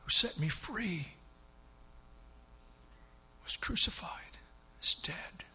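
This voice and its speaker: A man's voice: high voice, expressive, moderate pace, a bit bright, breathy edge, pitched above the performer's own voice, exaggerated voice. A man voicing a grieving, loyal woman disciple at a tomb, pleading and breaking into whispers. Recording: long hall reverb.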